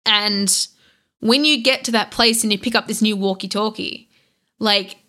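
Bright-voiced young woman chatting animatedly. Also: mid-range voice, a little slow. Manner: rambling, animated retelling with many fillers and restarts. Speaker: podcast guest, content creator. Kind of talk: casual podcast chat.

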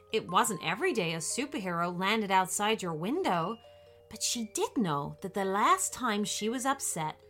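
A woman narrating a children's story in a gentle, expressive way. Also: medium pitch.

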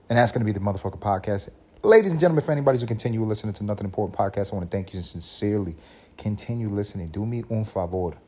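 A man's voice: on the low side, mellow. A man hosting a solo podcast, ranting in a profane, rambling way, laughing at his own points and slipping into mock voices. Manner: mock voices for quoted people. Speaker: podcast host.

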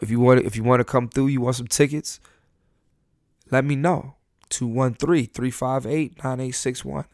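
Gravelly, profane male podcast host. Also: mid-range voice, no room sound, clean studio sound. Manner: animated, repetitive restarts, profane, laughs at himself. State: high on an edible. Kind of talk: solo casual podcast rant.

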